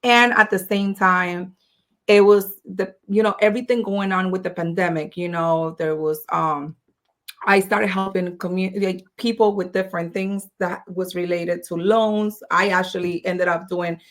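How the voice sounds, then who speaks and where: A woman's voice: fairly low pitch, steady tone, a little slow. A woman guest speaking in a casual, chatty way on a podcast interview, with many "you know"s and "like"s. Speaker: guest entrepreneur.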